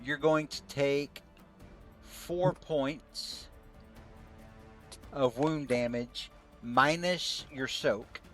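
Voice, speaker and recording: A man running a tabletop role-playing game as game master, describing scenes and working out dice results in a plain, steady way. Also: mid-range voice, very slow, pauses often, faint music behind.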